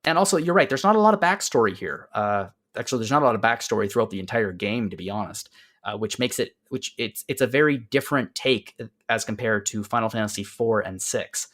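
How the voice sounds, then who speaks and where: A man's voice: fairly low pitch, brisk, fairly bright tone. A man hosting a podcast, recapping a game's story in casual chat and putting on playful voices for the characters. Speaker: podcast host. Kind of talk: casual game discussion.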